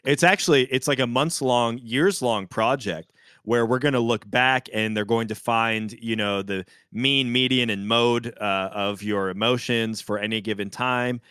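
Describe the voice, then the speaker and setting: A man hosting a casual podcast as a pastor, deadpan and playful in his joking. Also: medium pitch, a little slow, clean tone, no echo, studio quality. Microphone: remote call.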